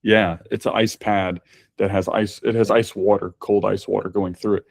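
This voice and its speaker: A man's voice: lowish voice, level tone, moderate pace, creaky. A man talking as a podcast guest, candid and chatty as he tells his story. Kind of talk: casual conversation.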